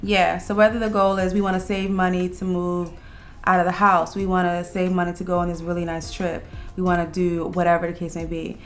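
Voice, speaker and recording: A woman's voice: fairly low pitch, little pitch movement. Woman co-host, earnest advice-giver, explains step by step, faint music under the talk. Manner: earnest, explains step by step, slows down on key words. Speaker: co-host of a couples channel. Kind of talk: casual relationship advice chat.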